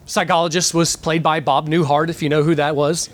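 A man preaching a live sermon, moving from a hushed opening prayer into lively storytelling and emphatic questions. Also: on the high side, a little fast. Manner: prayerful then animated storytelling, rising to emphatic shouts. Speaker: pastor. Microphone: live church microphone.

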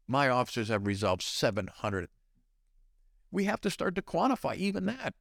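A retired police lieutenant in an animated podcast interview, acting out quoted dialogue in shifting voices. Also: male voice, mid-range voice, no room sound, clean studio sound. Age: older.

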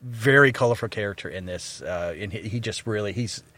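A man from Florida co-hosting a casual movie review chat, rambling with fillers and quick laughs. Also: fairly low pitch, pushed and bright. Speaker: podcast co-host.

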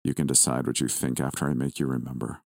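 Man voicing a contemptuous demon, low, slow and cold, for a horror audio story. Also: flat delivery, vocal fry, a little mellow, dry recording, clean studio sound. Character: menacing ancient male demon, cold and disdainful.

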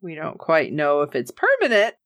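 A woman co-hosting a casual chat, recapping an episode and acting out the characters' lines with lively reactions. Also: deep voice, moderate pace, dry recording, clean studio sound. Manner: animated, acts out characters' lines. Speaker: podcast co-host recapping a TV episode.

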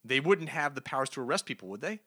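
A man's voice: mid-range voice, very animated, quick pace, sharp tone. A man co-hosting a casual comic book review podcast, recapping the story with sarcastic mockery and rhetorical questions. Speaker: podcast co-host.

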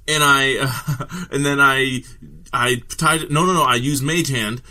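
A man playing a tabletop game, animated and acting out his character's speech. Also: mid-range voice, a little slow. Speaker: player. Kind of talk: tabletop role-play.

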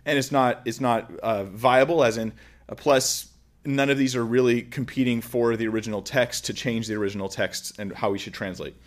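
A man's voice: mid-range voice, fairly even intonation, normal speed. A man giving an informal lecture, explaining with everyday examples in a conversational way. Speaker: teacher.

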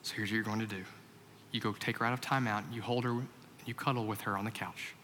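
A man doing a soft, hushed inner voice of God. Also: lowish voice, fairly even intonation, fast talker, slight background noise, voice pushed down. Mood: gentle. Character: quiet inner voice of God, gentle, male. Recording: long hall reverb.

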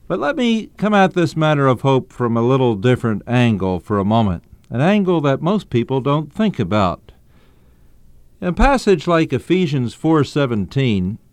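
A man giving an earnest radio Bible teaching, stressing key phrases and slowing down on them. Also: medium pitch, clean tone, no echo.

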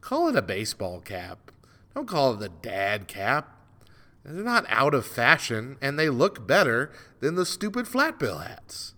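A man's voice: medium pitch, big pitch swings, unhurried, bright, forceful tone. A man hosting a solo morning radio show, ranting in an exasperated, self-mocking way, with a dry throat. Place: radio studio.

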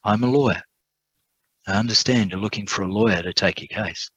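A man voicing a kind, quiet male lawyer who speaks softly and patiently in a told sermon story. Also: on the low side, breathy edge, no echo, poor audio. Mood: calm. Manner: soft-spoken, measured.

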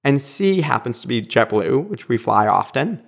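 A man casually telling a personal anecdote, animated and quick to act out what others said. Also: mid-range voice, gravelly. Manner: animated, acts out quoted lines. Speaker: storyteller.

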